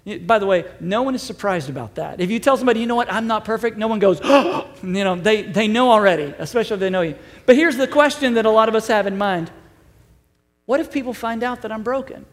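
A man with a high, bright voice delivers a chatty, upbeat sermon to his congregation. His voice rings in the long reverb of a church auditorium. He slips in self-deprecating jokes. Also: animated, fast talker. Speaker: pastor.

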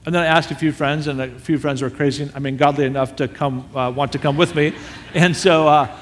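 A man telling a story with animation, quickly acting out the back-and-forth dialogue. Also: a little high, steady tone, a little hiss or hum. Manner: acts out dialogue in quick quoted exchanges. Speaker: storyteller speaking to an audience. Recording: long reverb of a large hall.

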